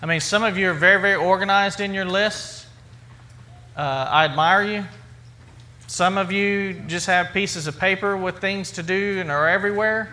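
Bright, high-voiced male preacher. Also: moderate pace. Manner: conversational, repetitive, rhetorical questions. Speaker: pastor. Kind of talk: sermon.

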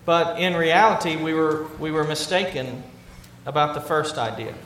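A middle-aged man preaches in a talky, conversational manner, his voice a little higher than usual for a man. He poses question after question and echoes his own phrases for emphasis. The room rings with echo, and a faint hum of ambience sits underneath. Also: normal speed, fairly bright tone. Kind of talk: sermon.

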